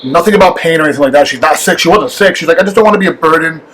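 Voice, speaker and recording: Male co-host, quick and higher-pitched, exasperated casual rants, faint background hum. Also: fairly bright tone, low-quality recording. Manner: fast, filler-heavy, exasperated rants. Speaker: podcast co-host. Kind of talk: casual chat.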